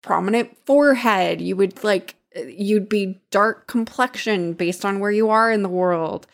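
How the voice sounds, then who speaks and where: A woman's voice: medium pitch, unhurried, creaky. A young woman co-hosting a casual chat, blunt and sardonic and swearing freely. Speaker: podcast co-host.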